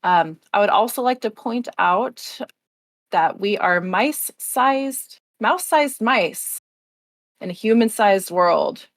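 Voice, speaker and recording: A woman running a tabletop game as storyteller, slowly describing the setting with many pauses. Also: mid-range voice, animated, no echo. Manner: unhurried, filler-heavy setting description. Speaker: game master.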